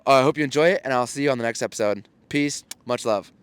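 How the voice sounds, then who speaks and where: A thirty-something man runs his own show as a podcast host and storytelling coach, talking alone in a relaxed, earnest, encouraging way and often starting sentences over. He speaks fast in a mid-range voice, with background noise audible.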